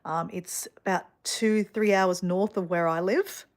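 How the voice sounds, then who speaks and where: A woman's voice: medium pitch, steady tone, measured pace. A middle-aged Australian woman vlogger, chatting casually through a rambling personal story full of fillers and asides.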